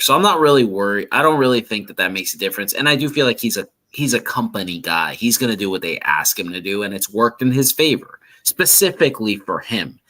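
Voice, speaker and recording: A man co-hosting a podcast, talking casually about wrestling with quick asides and the odd curse. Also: on the low side. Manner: animated, swearing, jumps in with quick asides. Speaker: podcast co-host.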